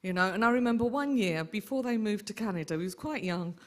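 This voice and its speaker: A middle-aged woman, an aunt telling lively stories in a memorial tribute. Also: medium pitch, fast. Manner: lively anecdotal storyteller. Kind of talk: eulogy storytelling.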